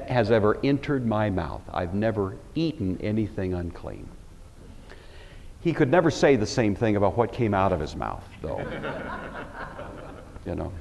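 A man's voice: medium pitch, a little mellow, big-room sound. A man from the Pacific Northwest giving a Bible study lecture, emphatic and wry, with conversational asides. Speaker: Bible teacher.

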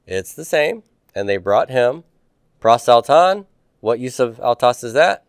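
A man's voice: mid-range voice, big pitch swings, a little slow, smooth, dry recording, studio quality. A man reviewing homework with a class, asking students questions and explaining Greek grammar patiently. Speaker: Greek teacher.

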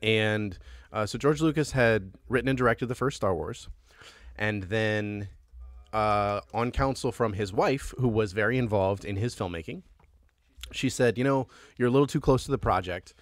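A man's voice: lowish voice, moderate pace, dry recording. Playful bartender podcast host, man. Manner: playful, animated, laughs often. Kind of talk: casual movie review chat.

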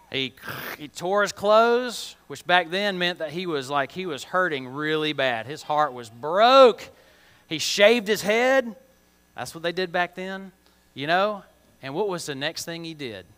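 Pitched on the high side, this kids' church teacher sounds pushed and bright. He runs a chatty Bible lesson full of questions for the kids and slangy, simple words, recorded with the long reverb of a large hall.

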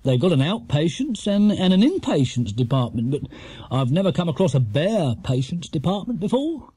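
A man's voice: fairly high pitch, sing-song, moderate pace, a little mellow, husky, no room sound, pitched above the performer's own voice. Bewildered storybook ambulance man, voiced by the male reader: doubtful, puzzled.

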